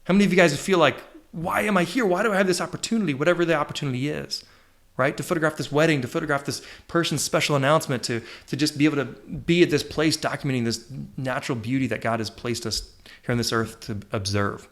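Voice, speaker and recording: A man in his thirties hosting a podcast, telling a personal story with lively swings, jumping high when he acts out his younger self. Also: fast. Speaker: podcast host. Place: indoor room with a shelf.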